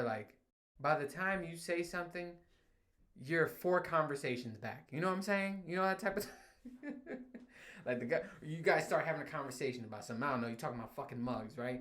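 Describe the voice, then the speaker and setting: A man's voice: a little high, fairly quick. A young man hosting his own podcast, ranting in casual, profane solo talk that he breaks up with laughs and sudden outbursts. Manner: profane, animated storytelling with frequent laughs. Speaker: podcast host.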